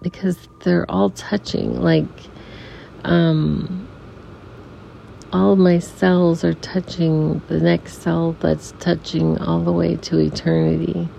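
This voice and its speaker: A middle-aged woman telling a reflective personal story as a podcast guest, softly and haltingly, with many restarts and some near-whispers. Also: lowish voice, level tone, creaky. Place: room in a family home. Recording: dull recording with faint air conditioner hum. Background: air conditioner hum.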